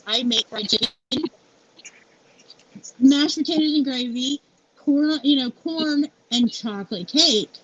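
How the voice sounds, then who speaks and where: A middle-aged woman, a founder and CEO, is interviewed as a guest and shares a personal story candidly and from the heart, peppering it with fillers like "like" and "you know." Her voice is a little high, a bit bright and slightly rough, and the recording sounds dull and lo-fi with faint noise.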